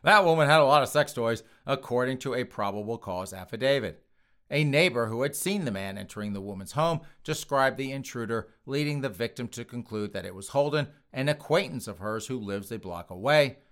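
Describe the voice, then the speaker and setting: An animated man hosts a comedy podcast, reading news items and riffing on them. His voice swings widely in pitch, and he keeps calling to his listeners and laughing through his remarks. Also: fairly quick. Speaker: podcast host.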